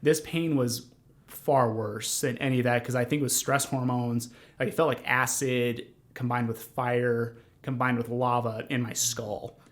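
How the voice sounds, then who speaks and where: A man's voice: medium pitch, level tone, unhurried. A young man telling his own story as a podcast guest, earnest and rambling, with many fillers and restarts. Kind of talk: conversational storytelling.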